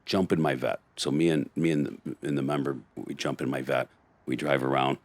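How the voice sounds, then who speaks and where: A middle-aged man, a podcast guest, telling a rough street story in gritty, blunt talk. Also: rumbling low, fairly even intonation, brisk, no room sound. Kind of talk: storytelling in conversation.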